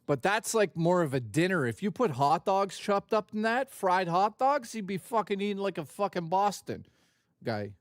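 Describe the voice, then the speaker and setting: A man's voice: high-pitched, very animated, normal speed, dry recording, studio quality. A man casually chatting and joking on his live stream, loose and profane.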